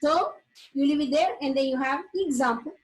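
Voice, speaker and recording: A woman's voice: sits high, moderate pace, low-quality recording. A woman teaching an online English class, explaining patiently with fillers and repeated words.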